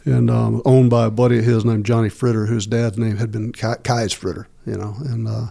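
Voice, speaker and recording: Man, middle-aged, gravelly and mellow, flat delivery, halting storyteller with lots of ums. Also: mid-range voice. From United States. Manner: slow, halting, many fillers and restarts. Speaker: podcast guest. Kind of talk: long-form interview storytelling.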